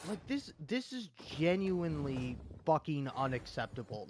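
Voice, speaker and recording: A man rants in exasperation about a video game, cursing and repeating words over and over. His pitch sits a bit high and leaps wildly between outbursts and mutters. He drags his words out slowly. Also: lively intonation, fairly bright tone, slight background noise. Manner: profane, repetitive, exasperated ranting. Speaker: gaming video creator. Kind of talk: angry gaming rant.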